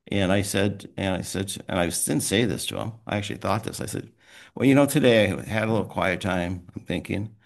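A man leading a small men's group, giving a rambling, conversational devotional talk and praying, laughing often. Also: low voice. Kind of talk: informal devotional talk and prayer. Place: small private group meeting.

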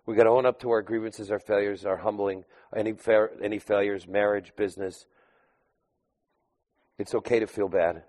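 Man preaching with loud, sudden peaks. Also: on the low side, steady tone, moderate pace. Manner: conversational preaching with sudden loud emphatic peaks and quiet drops. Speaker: pastor. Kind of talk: sermon.

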